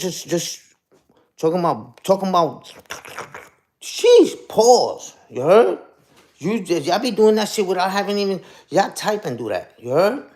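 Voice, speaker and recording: A man talks fast and loose to a live stream chat, full of street slang and rhetorical "you heard?" tags. His voice sits a little high for a man and swings up and down as he gets worked up. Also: darkish tone. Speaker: livestream host. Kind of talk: casual rant to a live chat.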